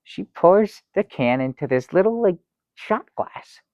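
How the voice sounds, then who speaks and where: A man playing an excitable talk show guest in an improvised comedy sketch, rambling and halting, breaking into theatrical exclamations. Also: sits high, dry recording, dull audio. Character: fussy excitable man telling a travel story. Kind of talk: improvised comic storytelling.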